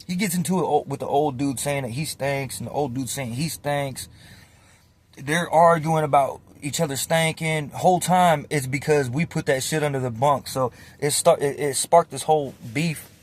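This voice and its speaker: A man's voice: fairly high pitch, normal speed. A young man telling a casual, profane story, acting out what others said. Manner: animated, swearing, acts out quotes.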